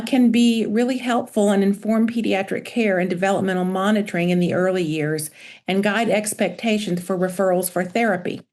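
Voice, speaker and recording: Woman, doctor presenting webinar, measured and informative, mid pitch, video call audio. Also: darkish tone. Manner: measured, informative, reading from slides. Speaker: pediatrician presenter. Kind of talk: webinar lecture.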